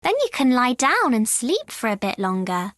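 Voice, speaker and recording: A woman voicing a caring young female game operator who speaks softly and coaxingly. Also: fairly high pitch, sing-song, normal speed, no room sound, clean studio sound.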